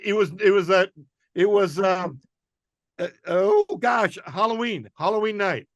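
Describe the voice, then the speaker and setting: An older male comedian telling a rambling, animated anecdote on a podcast. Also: sits high, measured pace, dry recording, lo-fi sound. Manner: rambling, animated storytelling with restarts and acted quotes. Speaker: guest comedian.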